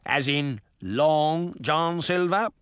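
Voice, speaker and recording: A man's voice: a little high, animated, takes it slowly, a bit bright, clean tone, dry recording, clean studio sound. A man voicing an old, gray-haired pirate boss who talks in a pompous, self-satisfied way in a storybook reading. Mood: smug.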